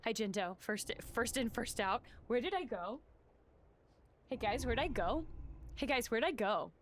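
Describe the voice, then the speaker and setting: A woman's voice: on the high side, expressive, a little slow, a little hiss or hum. A woman streaming a game live, chatting casually and reading game text aloud, swearing and joking about herself. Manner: chatty, self-mocking, swearing.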